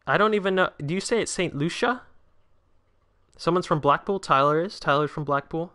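A man's voice: fairly high pitch, brisk. A nineteen-year-old man hosting a casual livestream, chatting with viewers and reading their comments aloud. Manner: chatty, answers chat, bursts out excitedly at big chances. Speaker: livestream host.

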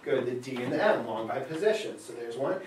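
A man's voice: medium pitch, lively intonation, fairly quick, a little mellow, a little hiss or hum. A man teaching a Latin lesson in a classroom, scanning verse aloud, patiently asking questions and confirming answers. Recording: echoey room, mic far off.

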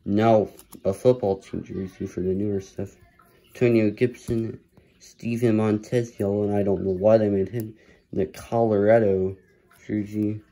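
A man's voice: lowish voice, steady tone, moderate pace, warm tone, low-quality recording. A man casually narrating as he opens trading card packs, muttering hopeful running commentary. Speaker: card collector opening packs. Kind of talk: casual pack-opening commentary.

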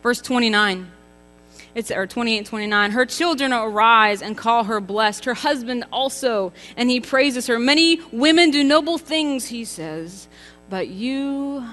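Female preacher, 30s, bright tone, chatty and emphatic, long hall reverb. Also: on the high side, moderate pace. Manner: chatty and emphatic, with rhetorical questions to the congregation. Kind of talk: contemporary church sermon. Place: church sanctuary. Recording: reverberant church hall with faint music.

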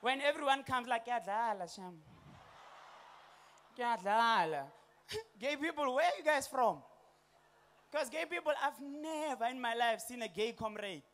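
South African stand-up, young man, very high pitch, animated delivery with slang and put-on voices. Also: moderate pace. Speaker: stand-up comedian. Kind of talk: stand-up comedy set. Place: comedy stage before a live audience.

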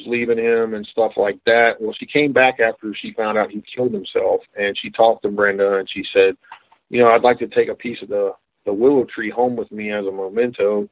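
A man's voice: lowish voice, dry recording. Man on a dry, phone-line call. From West Virginia. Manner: conversational, many restarts and fillers. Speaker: guest paranormal researcher. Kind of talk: storytelling on a radio call-in.

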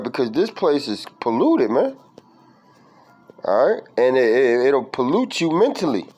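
A man's voice: mid-range voice, darkish tone, rough recording. A man preaching informally from scripture, reading verses and word definitions aloud in a street-style, profane way, ending lines with "man". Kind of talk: informal scripture study talk.

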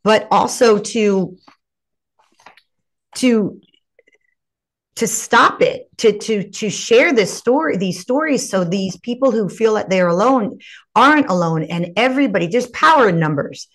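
A woman's voice: mid-range voice, lively intonation, a little slow. A woman hosting an interview podcast, speaking with passion and often repeating words as she builds a point. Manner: impassioned, repeats words when stirred. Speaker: podcast host.

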